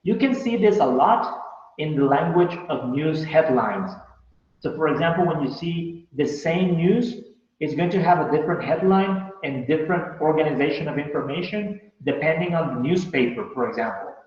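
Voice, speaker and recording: Man, teacher, class lecture, patient explaining, muffled lo-fi sound, slightly high voice. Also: lively intonation, moderate pace, darkish tone. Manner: patient, explanatory, checks in with "right?" and "you see?". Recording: very echoey, dull lo-fi room sound.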